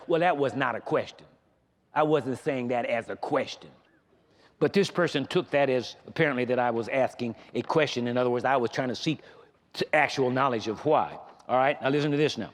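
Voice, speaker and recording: A man's voice: mid-range voice, brisk, big-room sound. A man preaching to his congregation, reading a letter aloud and answering it point by point. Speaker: pastor. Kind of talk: sermon.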